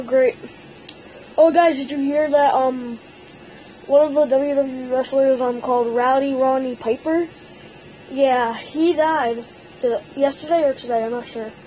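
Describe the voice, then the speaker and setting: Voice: high voice, lo-fi sound, slight background noise. A teenage gaming channel host giving casual gameplay commentary, stammering and complaining that something hurts.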